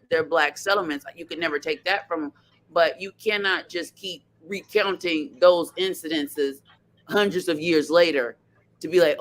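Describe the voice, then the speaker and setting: A woman hosting a casual podcast chat, animated and sassy, laughing often as she talks. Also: low voice. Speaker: podcast host.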